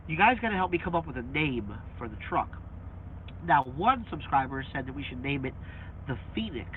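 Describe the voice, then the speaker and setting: A man vlogging about his truck in a casual, profane rant, swearing freely and mocking his critics. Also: on the high side. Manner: swears freely, mocks critics with sing-song voices. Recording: tinny phone-like audio with faint hiss.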